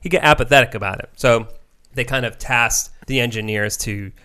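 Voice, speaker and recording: A man's voice: medium pitch, fairly quick, sharp tone, smooth. Man explaining with hesitations. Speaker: podcast co-host. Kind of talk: casual chat, explaining.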